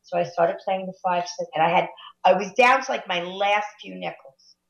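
A woman's voice: lowish voice, moderate pace, creaky, muffled recording. A woman chatting casually, agreeing eagerly and chiming in with her own stories. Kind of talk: casual chat.

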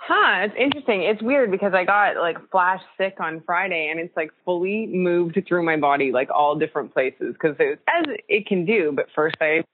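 A woman's voice: lowish voice, normal speed, hardly any pauses, a little hiss or hum. A woman co-hosting a casual talk show, rambling loosely with many fillers. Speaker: co-host. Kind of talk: casual chat. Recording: tinny phone line.

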